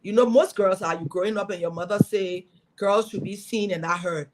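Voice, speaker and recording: A middle-aged woman from Liberia speaking, a guest in an interview telling her story as a former senator with lively, preaching energy. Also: medium pitch, a little fast, background noise. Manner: animated, preaching storytelling with acted quotes.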